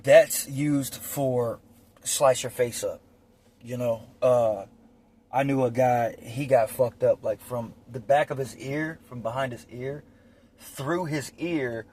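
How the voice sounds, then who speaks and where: A man recounts prison life in a casual phone-recorded monologue, his medium-pitched voice a little mellow over faint hiss or hum. He's blunt and profane, rambles, and uses lots of fillers.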